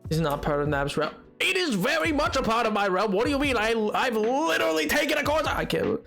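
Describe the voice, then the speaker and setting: A male streamer chatting casually with his viewers while playing, quick and a little defensive in his banter. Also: extremely high pitch, very animated, creaky, a bit bright, soft background music. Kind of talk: casual gameplay chat reading chat.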